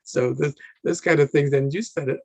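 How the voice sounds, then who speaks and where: A man talking casually in an interview, explaining in a halting way and often restarting his phrases while he looks for words. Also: a little high, steady tone, vocal fry, no echo. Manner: explanatory, advice-giving.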